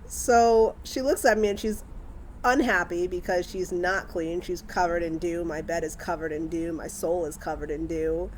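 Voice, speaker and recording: A young woman telling casual family anecdotes as a mother, wry and animated, acting out the dialogue as she goes. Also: fairly low pitch, moderate pace, slight background noise.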